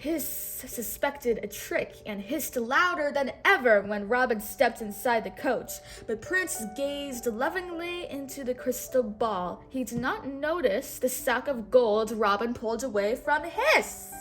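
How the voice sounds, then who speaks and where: A woman teacher reading a storybook aloud to a child, pausing to have the child repeat words. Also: sits high, lively intonation, fairly bright tone, soft background music.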